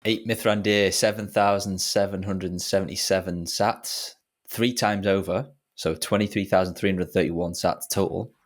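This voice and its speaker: A man co-hosting a casual podcast, reading listener donations and messages with relaxed, dry humour. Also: deep voice, moderate pace. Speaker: podcast co-host.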